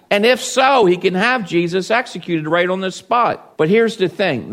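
A male pastor delivering a sermon with a fairly high voice. He talks straight to his congregation, asking them questions, and grows louder and higher when he stresses a point. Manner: animated, rises in pitch and volume for emphasis; addresses the congregation directly with questions.

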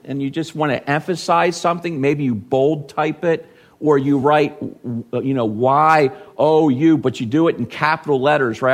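A male pastor delivering a sermon with a fairly high voice. He talks straight to his congregation, asking them questions, and grows louder and higher when he stresses a point. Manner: animated, rises in pitch and volume for emphasis; addresses the congregation directly with questions.

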